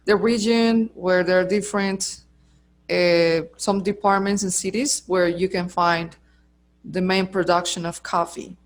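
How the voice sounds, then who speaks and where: A woman's voice: on the low side, steady tone, unhurried. A friendly woman from Colombia, a native Spanish speaker, chatting in English with a Colombian accent. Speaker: English teacher, guest. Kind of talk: casual conversation.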